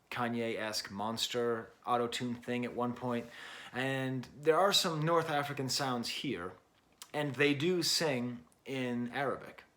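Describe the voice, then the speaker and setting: A man's voice: medium pitch, a bit bright. A middle-aged man giving a casual spoken record review in a chatty, wry way, rambling and correcting himself with lots of fillers. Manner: rambling and self-correcting, with many fillers and restarts; chatty and wry, with little laughs. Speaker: music reviewer.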